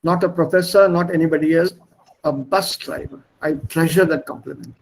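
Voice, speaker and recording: High-voiced man with an Indian accent. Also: normal speed, gravelly, a little hiss or hum, poor audio. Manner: explanatory, repeats and spells out words, fillers. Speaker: language teacher. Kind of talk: online class lecture. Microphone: video call.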